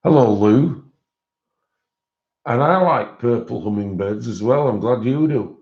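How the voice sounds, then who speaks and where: A man's voice: mid-range voice, lively intonation, measured pace. A man hosting a colouring live stream in casual, rambling chat, greeting viewers by name. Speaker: colouring channel host. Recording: dull lo-fi stream audio.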